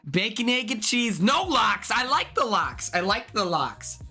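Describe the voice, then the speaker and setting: A young man streaming, chatting casually and excitedly, repeating himself as he reacts. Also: sits high, measured pace, slightly rough, faint music behind. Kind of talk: casual chat reacting to clips and gaming.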